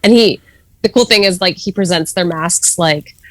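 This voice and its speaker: Podcast guest: talkative woman, lowish voice, dry close recording, laughs a lot. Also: moderate pace, fairly bright tone, dry recording. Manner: chatty, laughs often, many fillers. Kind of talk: casual chat.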